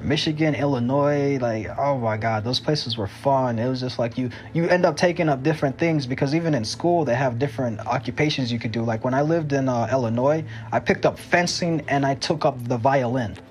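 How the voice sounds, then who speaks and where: A man's voice: mid-range voice, brisk, hardly any pauses, a little hiss or hum. A young man from Jamaica chats on a casual podcast. He tells his stories with plenty of energy and acts out the other people's lines, laughing as he goes. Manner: animated storytelling, acts out quotes, laughs often. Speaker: podcast co-host. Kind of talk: casual chat.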